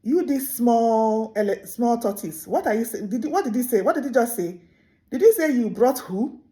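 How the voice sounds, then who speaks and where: A gentle, trusting giant of an elephant, voiced by a woman telling a folk tale. Her tone stays warm and mellow at a middling pitch, with a generous, open-hearted manner. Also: normal speed, close to an everyday voice. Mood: bewildered. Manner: easygoing, then bewildered. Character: big kind trusting male elephant.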